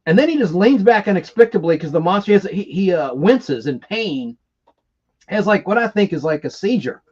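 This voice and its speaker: A man's voice: high voice, expressive, moderate pace, a little mellow, breathy edge, lo-fi sound. A man hosting a live stream, chatting casually and enthusiastically, rambling from one aside to the next. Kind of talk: casual chat about classic TV monsters.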